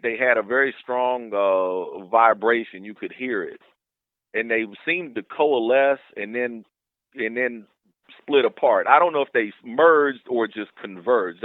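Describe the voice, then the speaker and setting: A man's voice: mid-range voice, no room sound. A middle-aged man from West Virginia, a podcast guest telling a story in a meandering way and searching for his words. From West Virginia, USA. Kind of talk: casual storytelling over a call. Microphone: phone call. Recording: tinny phone line.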